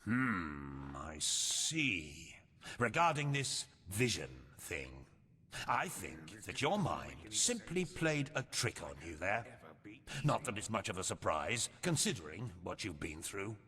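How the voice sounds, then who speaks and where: Crotchety old game mage, low husky voice, sharp tone, lively and scornful, long reverb. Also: male voice, takes it slowly, full character voice. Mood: curious. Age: older. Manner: condescending, scolding. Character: grumpy old male scholar-mage, scornful and impatient.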